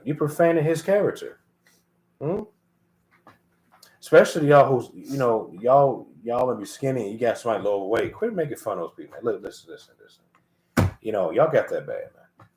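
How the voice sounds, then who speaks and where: A man's voice: mid-range voice, big pitch swings, normal speed, pauses often, a little mellow. A man giving an informal sermon, scolding and emphatic, repeating himself and swearing freely as he lectures his listeners. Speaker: lay preacher. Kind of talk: casual preaching.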